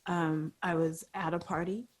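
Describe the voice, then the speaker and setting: Woman cohost, low-ish breathy voice, earnest casual podcast talk. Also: level tone, unhurried. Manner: earnest, explains with long repeated examples. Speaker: podcast co-host. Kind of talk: candid casual chat.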